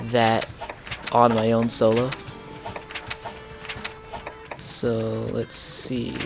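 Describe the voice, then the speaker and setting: Young man, casual gameplay host, rambling and jokey, mid-pitched, game music playing behind. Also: creaky. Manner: rambling, filler-heavy, jokey. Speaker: gaming channel host.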